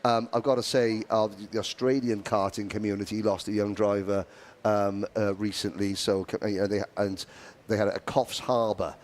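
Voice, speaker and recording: A man's voice: lowish voice, little pitch movement, normal speed, darkish tone. Chatty male race commentator. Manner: chatty, rambling, with asides and restarts. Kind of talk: live motorsport commentary.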